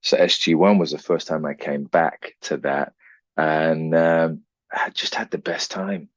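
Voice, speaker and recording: British man, very low husky voice, reflective interview talk, dry dull-sounding recording. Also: steady tone, unhurried, no echo. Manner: reflective, explains at length. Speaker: actor guest. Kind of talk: casual interview chat.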